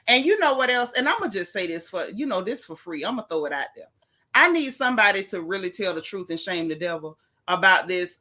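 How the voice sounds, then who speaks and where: Female host, casual chat, emphatic and opinionated, bright and slightly high. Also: lively intonation, fairly quick. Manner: emphatic, opinionated, talks it through at length.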